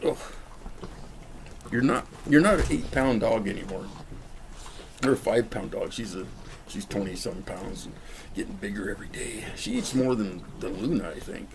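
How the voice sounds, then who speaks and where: Outdoors in the cold, a man casually talks through a cigar review, chatting and joking straight to the viewer in a rambling vlog. His pitch is fairly low, his pace moderate, and he pauses often, with background noise behind him.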